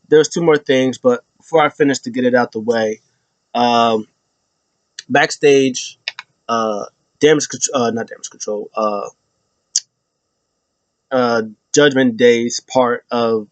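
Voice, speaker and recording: A man talks through a casual recap in a rambling, easygoing way, doubling back to fix names as he goes. His voice sits at an ordinary middle pitch. The sound is dry and close, with no room around it. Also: dry recording. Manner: rambling, loose storytelling with self-corrections. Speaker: show host recapping wrestling.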